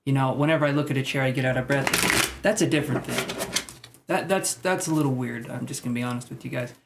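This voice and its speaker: A man's voice: medium pitch, fast talker, gravelly, very noisy. A man reading tarot cards for viewers on a live stream, chatting casually and joking about himself. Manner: joking, self-mocking, chatty. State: out of breath. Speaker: tarot reader.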